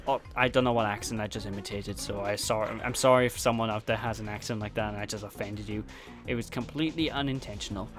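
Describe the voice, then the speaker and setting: A man from Wales giving casual, jokey commentary on his gameplay, chatting directly to his viewers. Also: medium pitch. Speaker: let's play host.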